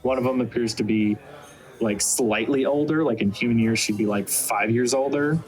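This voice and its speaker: A man's voice: medium pitch, normal speed, darkish tone, low-quality recording. A man narrating a tabletop game as game master, rambling with many fillers.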